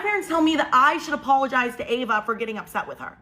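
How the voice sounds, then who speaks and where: A young woman telling a casual storytime monologue, animated and incredulous as she recounts events. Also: high-pitched, quick pace, few pauses, rough recording. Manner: animated, incredulous, quotes people in changed voices.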